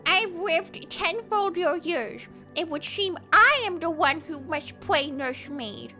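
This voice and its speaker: A woman's voice: extremely high pitch, animated, sharp tone, soft background music, pitched above the performer's own voice, heavily acted. A woman voicing a smug, ancient little male dragon in a cutesy voice for a read-aloud story. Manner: cutesy, slow and self-satisfied.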